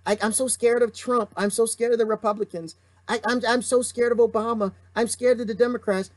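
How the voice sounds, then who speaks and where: A man's voice: very high-pitched, steady tone, a little fast, no room sound, pitched above the performer's own voice. A man briefly putting on the voice of a frightened adult voter who whines anxiously about politics. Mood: fearful.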